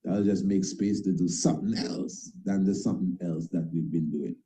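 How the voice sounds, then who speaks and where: A man's voice: low voice, moderate pace, warm tone, rough recording. A man speaking as a priest in an impassioned monologue, emphatic and repetitive, with informal grammar and frequent tag questions. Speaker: priest and internet show host. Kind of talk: impassioned talk-show monologue.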